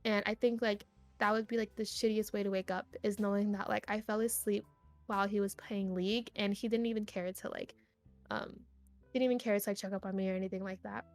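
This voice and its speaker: A young woman appearing as a streamer guest on a podcast tells a personal story in casual chat, rambling and saying "like" constantly. Her mid-range voice moves fairly quickly and animatedly, with soft music playing underneath.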